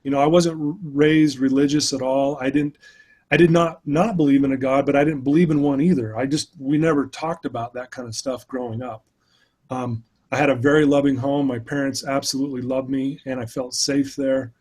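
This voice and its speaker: A man's voice: mid-range voice, fairly even intonation, a little fast, darkish tone, slightly rough. A man recounting his own struggles in an interview, speaking earnestly and candidly as a speaker and mentor. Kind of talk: personal storytelling in an interview.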